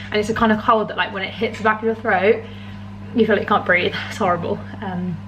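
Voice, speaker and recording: A young woman with a British accent talks to camera at home in a loose, rambling way, full of fillers, asides and easy laughs. Her voice sits at an ordinary mid pitch, with faint background noise in the room. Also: fairly even intonation, quick pace, fairly bright tone. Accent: British English. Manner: rambling, chatty, many ums and likes, laughs often. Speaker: vlogger. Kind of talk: casual chatty vlog.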